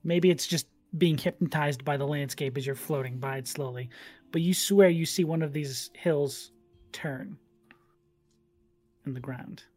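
A man running a tabletop game as game master, narrating casually with many pauses and fillers. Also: fairly high pitch, soft background music. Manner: relaxed, hesitant with fillers.

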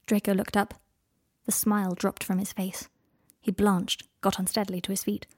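A woman narrating fan fiction as an audiobook, with measured, unhurried phrasing. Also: mid-range voice, little pitch movement, husky, dry recording, studio quality.

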